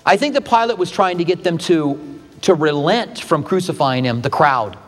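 A man's voice: lively intonation, moderate pace, a bit bright, in a large hall, faint music behind. A male pastor delivering a sermon, telling the story dramatically with acted quotes. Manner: dramatic retelling with acted quotes, shifting pitch widely.

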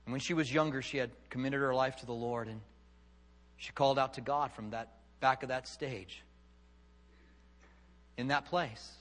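Fervent preacher in a reverberant hall. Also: male voice, mid-range voice. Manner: dramatic, swings from loud fervor to hushed tones. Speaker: pastor. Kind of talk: sermon.

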